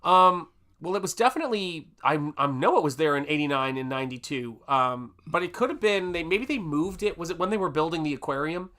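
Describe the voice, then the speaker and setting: A middle-aged American man chats his way through a live painting stream, reading viewer comments aloud and reacting with quick exclamations. His voice sits a bit high for a man and has a bright, forward tone. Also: lively intonation. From United States. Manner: chatty, reads out viewer comments, exclamations and laughs. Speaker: artist hosting a livestream. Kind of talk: casual livestream chat while painting.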